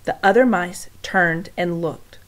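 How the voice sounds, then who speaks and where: A woman's voice: on the low side, slow, poor audio. A woman reading a storybook aloud to young listeners, stopping to speak to them directly. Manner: warm direct address to listeners.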